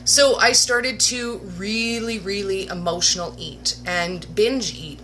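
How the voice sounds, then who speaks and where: A woman hosting a livestream, telling a personal story in a casual, animated way with laughs and mock-dramatic asides. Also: mid-range voice, background noise. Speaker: livestream host. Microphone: webcam or phone livestream.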